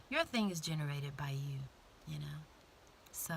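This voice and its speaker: A woman giving a casual, heartfelt vlog talk to her viewers, often dropping into soft whispers. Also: deep voice, lively intonation, moderate pace, gravelly, long pauses, background noise. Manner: warm, intimate, drifts into soft whispers. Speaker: vlogger. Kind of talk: casual motivational talk to camera.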